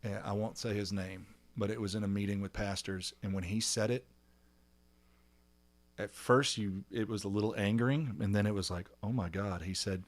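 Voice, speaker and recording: A man co-hosting a podcast as a pastor, speaking in a hesitant, earnest and measured way in casual chat. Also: fairly low pitch, fairly even intonation.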